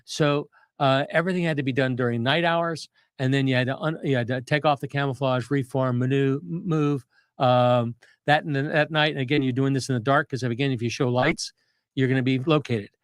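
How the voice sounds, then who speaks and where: An older man talks through history at length, circling back with restarts and fillers. His voice sits at an ordinary middle pitch, recorded dry and close with no room sound. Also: steady tone, a little fast, smooth, no room sound. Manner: detailed, rambling explanations with restarts and fillers. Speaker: guest historian, retired Navy captain. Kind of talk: conversational history explanation.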